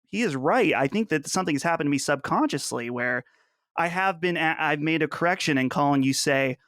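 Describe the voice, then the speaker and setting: A man's voice: on the high side, brisk, a bit bright, clear, resonant tone, no echo, studio quality. Teasing male podcast co-host. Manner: teasing, laughs often, playfully defensive. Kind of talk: casual chat.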